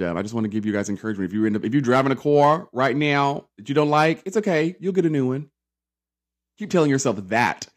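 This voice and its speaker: A man in his thirties hosting a podcast, giving a sassy, animated, profane reality-TV recap full of asides. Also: medium pitch. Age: 30s. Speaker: podcast host.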